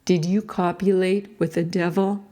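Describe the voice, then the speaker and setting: A woman's voice: fairly low pitch, level tone, normal speed, dark tone, close to an everyday voice. A woman reading a cold, relentless male interrogator. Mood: coldly insistent. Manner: repetitive, insistent questioning.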